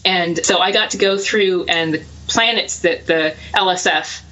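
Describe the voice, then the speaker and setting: A woman author talking casually in an interview, quick and self-deprecating, laughing often. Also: lowish voice, sharp tone, a little hiss or hum, rough recording. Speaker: author guest.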